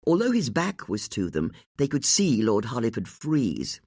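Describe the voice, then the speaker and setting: An audiobook narrator reading a cozy mystery in an expressive, varied way. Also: mid-range voice, normal speed, breathy edge, no room sound, clean studio sound. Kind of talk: scripted narration.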